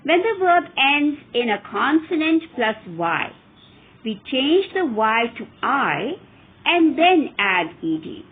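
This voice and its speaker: A woman teaching English verb forms in a careful, deliberate way, stressing each example word. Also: high-pitched, sing-song. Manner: clear, careful enunciation with rising emphasis on examples. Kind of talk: slow, deliberate grammar lesson. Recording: phone-like narrow audio with faint hiss.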